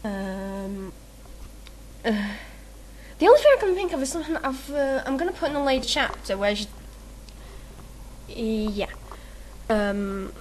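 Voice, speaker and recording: Brief: chatty woman with a slightly high voice, rambling and self-mocking. Faint hiss under the voice. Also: lively intonation, a little slow, long pauses. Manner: rambling, giggly, self-mocking, lots of fillers. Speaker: video maker answering a meme questionnaire. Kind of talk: casual chat.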